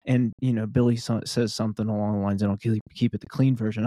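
A man's voice: fairly low pitch, steady tone, a little fast, warm tone, no room sound, clean studio sound. A man co-hosting a podcast, telling stories in a rambling casual way with many fillers. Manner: rambling storyteller, many ums. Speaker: podcast co-host.

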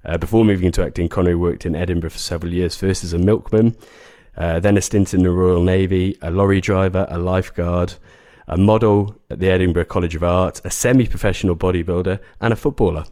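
Man, podcast guest, relaxed casual talk, very deep voice, dry close sound. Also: quick pace, dry recording. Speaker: property investment expert guest.

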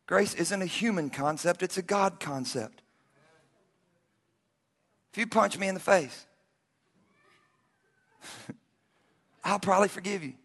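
A male preacher in his forties with a high, bright and ringing voice. He tells stories with big swings from shouted lines to hushed asides and keeps joking with the congregation in a loose, conversational way. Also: takes it slowly, long pauses, slightly rough. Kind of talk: sermon with personal stories.

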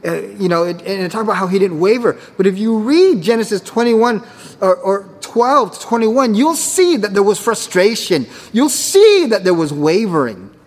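A man's voice: high-pitched, sing-song, normal speed. A man preaching a sermon as pastor, emphatic, with rhetorical questions. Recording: echoey hall with long reverb.

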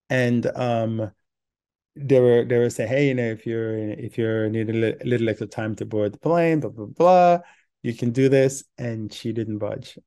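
A man's voice: mid-range voice, warm tone. A man hosting a casual solo podcast, rambling with many fillers and restarts, and acting out the voices in his story. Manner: acts out quoted voices in an anecdote. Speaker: podcast host.

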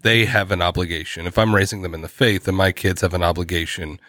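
Low-voiced man in halting casual chat. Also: fairly even intonation, fairly bright tone, no room sound, studio quality. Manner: halting, restarts often, laughs mid-sentence. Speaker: podcast co-host.

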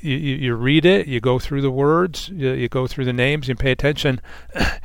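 A man's voice: medium pitch, normal speed, vocal fry, clean tone, no room sound. A man on a Bible discussion panel speaking earnestly and reflectively, often repeating words as he gathers his thoughts.

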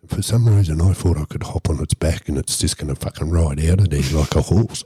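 Very deep, husky Australian man. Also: fairly quick, hardly any pauses, dry recording, clean studio sound. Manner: deadpan, swearing constantly. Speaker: podcast host. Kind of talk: crude comic storytelling.

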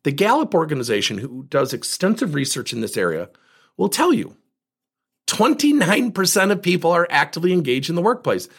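A man's voice: on the high side, big pitch swings, brisk, vocal fry, a bit bright, slightly rough. A man hosting a coaching podcast, talking emphatically to his listeners and asking rhetorical questions. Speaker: leadership coach and podcast host. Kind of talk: podcast monologue.

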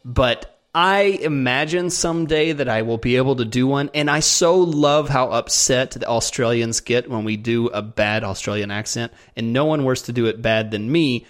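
A man's voice: mid-range voice, moderate pace, hardly any pauses. A man co-hosting a casual podcast, joking at his own expense, then reading a listener's question aloud. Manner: jokey, laughing, self-deprecating. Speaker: co-host.

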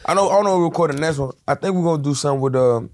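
A man's voice: fairly high pitch, rapid-fire. A man co-hosting a podcast in casual chat, loose and giggly, swearing freely. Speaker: podcast co-host.

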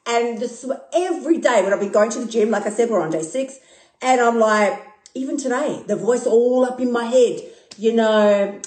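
Australian woman host, brash and animated, slightly high voice, phone mic in an echoey room. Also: normal speed. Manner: blunt, swearing, animated, self-mocking. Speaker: podcast host and emotional eating coach. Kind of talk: casual live-stream monologue. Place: recorded live on a phone stream.

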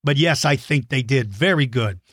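A middle-aged man with a medium-pitched, animated voice that's fairly bright and slightly rough hosts a kids' dinosaur show at a moderate pace. He answers children's questions simply, enthusiastically and encouragingly. The sound is dry and studio-clean.

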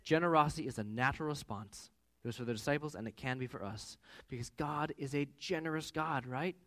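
A man in his thirties preaching a sermon as pastor, with animated storytelling that rises loud for quoted voices. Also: mid-range voice.

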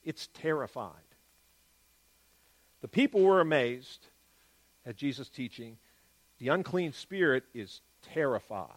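A man giving an explanatory Bible teaching, stressing key words and moving between quick and drawn-out phrasing. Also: medium pitch, lively intonation.

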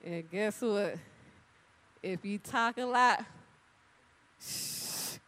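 A woman preaching an animated, chatty sermon, talking straight to the congregation and acting out little conversations. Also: mid-range voice, slow. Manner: animated, chatty, addresses crowd directly; acts out dialogue with big voice swings. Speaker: church speaker. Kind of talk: lively sermon with storytelling.

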